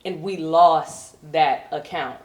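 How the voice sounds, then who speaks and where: A woman from Virginia with a Southern accent performing a brassy, animated stand-up comedy set. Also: slow, roomy sound. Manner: brassy, animated, puts on high posh voices for coworkers.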